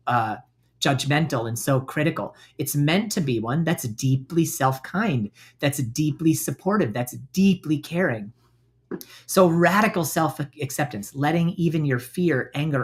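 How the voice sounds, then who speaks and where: A man hosting a self-help podcast, talking gently in a coaching manner and now and then acting out inner voices. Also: mid-range voice. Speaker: podcast host.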